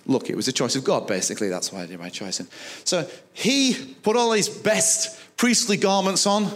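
A man preaching a sermon, telling a Bible story with animated delivery and acting out the dialogue. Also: high voice, moderate pace.

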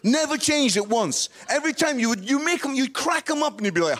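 A man preaching a sermon, telling a funny story in an animated, playful way and laughing at his own jokes. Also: extremely high pitch, fast talker, few pauses.

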